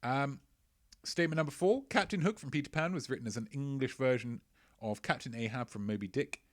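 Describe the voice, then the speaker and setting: A man's voice: mid-range voice, a little fast. A male quiz host reading out answers on a casual live stream. He is playful and chatty, with a mid-range voice, and likes to repeat his own lines for effect. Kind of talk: casual livestream quiz hosting.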